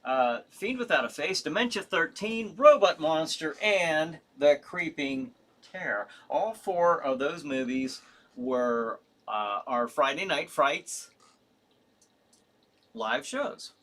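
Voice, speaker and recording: Rambling male stream host, lively pitch. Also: slow pace. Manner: reads viewer comments aloud and answers them; rambling, with many fillers and restarts. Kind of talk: casual live-stream chat.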